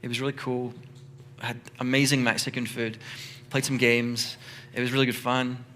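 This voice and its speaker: A male pastor preaching a sermon in a loose, conversational way, with animated storytelling. His voice is bright and clear and sits at an ordinary pitch for a man. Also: normal speed, a little hiss or hum.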